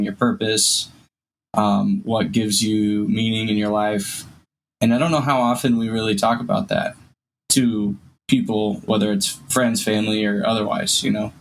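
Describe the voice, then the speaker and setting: A man's voice: on the low side, a little hiss or hum, rough recording. A man co-hosting a podcast, talking in an easygoing, slightly hesitant casual way. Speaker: podcast co-host. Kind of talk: casual book-club chat.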